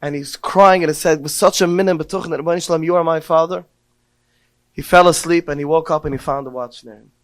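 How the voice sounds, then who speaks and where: A man's voice: a little high, steady tone, quick pace, hardly any pauses. Man giving an emotional Torah talk. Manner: emotional storytelling, rising to cries when quoting prayers. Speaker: podcast speaker.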